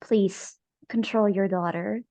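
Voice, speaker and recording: A woman's voice: medium pitch, steady tone, takes it slowly, mellow, no echo. A contemptuous woman doctor in a tabletop game scene, voiced by the narrator. She speaks coldly in short, commanding sentences. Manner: cold, clipped, commanding.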